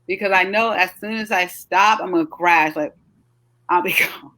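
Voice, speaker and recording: Sounding tired, a middle-aged travel agency owner hosts a casual live chat, chatty and encouraging, stretching words for emphasis. Her low-ish voice has a sharp tone and moderate pace. The recording is dry and close, with no room around it.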